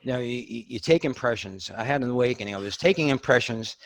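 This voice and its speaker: A man's voice: medium pitch, fast. An older man with a Boston accent, a dentist telling his story as a podcast guest. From Boston area, USA. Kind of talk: podcast interview.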